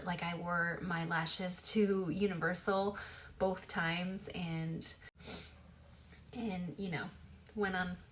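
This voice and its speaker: A beauty vlogger talks through a casual makeup tutorial, chatty and loose, with lots of fillers, now and then dropping into a soft whisper as she works. Her voice sits fairly low, and there's a slight hiss or hum.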